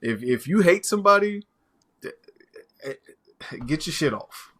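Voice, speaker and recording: Halting, laughing podcast co-host man. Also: a little high, animated, background noise. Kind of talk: casual wrestling recap chat.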